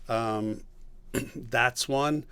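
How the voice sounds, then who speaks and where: A man, a guest voice actor and voice director, answering a question on a video call in a relaxed storytelling way, pausing with ums and clearing his throat. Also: medium pitch.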